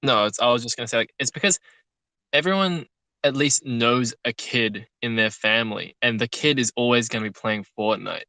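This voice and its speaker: A man appearing as a guest in a casual podcast chat, explaining his view in quick bursts full of fillers. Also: mid-range voice, pushed and bright, no echo, low-quality recording.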